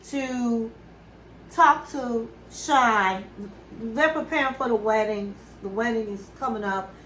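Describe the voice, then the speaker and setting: A woman hosting a reality TV recap in casual chat, an animated storyteller who acts out quotes and calls her listeners honey. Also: sits high, roomy sound, a little hiss or hum, poor audio.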